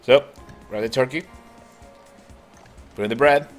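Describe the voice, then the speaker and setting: A man hosting a gaming channel, chatting excitedly and laughing as he comments on a mobile cooking game. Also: medium pitch, measured pace. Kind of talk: casual gameplay commentary. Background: game music.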